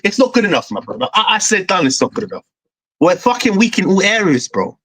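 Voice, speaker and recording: A young man rants on a football stream, his voice jumping high and dropping low as he swears. He sounds furious and keeps repeating "bro". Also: sing-song, fast talker, fairly bright tone, rough recording. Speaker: fan show host. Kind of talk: heated football fan rant.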